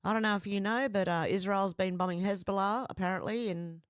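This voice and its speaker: A woman chats casually on a livestream, greeting viewers one by one. Her voice is a little croaky since she is feeling unwell. The sound is dry and close, with no room around it. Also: medium pitch, steady tone, brisk, no echo. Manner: chatty, greets viewers by name. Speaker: livestream host. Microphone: headphones with mic.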